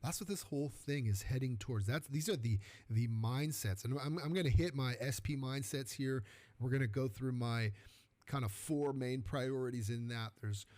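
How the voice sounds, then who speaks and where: A middle-aged man from California hosting a podcast, giving an energetic, colloquial motivational faith talk that keeps asking "right?". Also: mid-range voice, normal speed. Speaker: podcast host.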